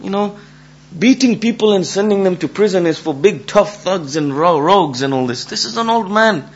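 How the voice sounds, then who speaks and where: A man voicing a calm, reasonable judge in a spoken folk tale, talking in a measured, lower voice. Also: muffled recording.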